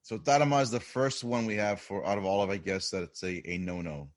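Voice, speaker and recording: Host, somewhat low voice, friendly and structured, casual interview questions. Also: male voice, fairly quick. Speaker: podcast host.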